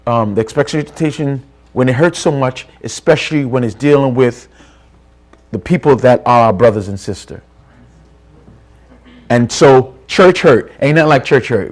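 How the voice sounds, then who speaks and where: A man's voice: medium pitch, unhurried, darkish tone. A man leading a church Bible study in an informal, conversational way, often restarting sentences and checking in with the group. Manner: conversational, repeats words and restarts, asks the room for agreement. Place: church hall.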